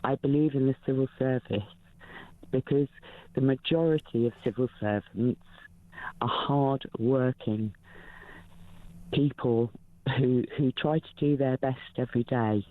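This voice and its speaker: Emotional woman caller on a phone line. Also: very deep voice. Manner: emotional, halting, many fillers. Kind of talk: phone-in call. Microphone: telephone.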